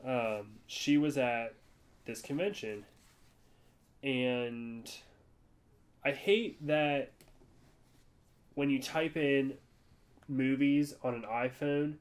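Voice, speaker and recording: A man from the United States chats on a podcast at an ordinary middle pitch. He rambles through his stories in a loose, casual way. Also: extremely slow, pauses often. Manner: rambling storyteller, jumps to high-pitched voices for quoted people. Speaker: podcast co-host. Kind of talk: casual chat.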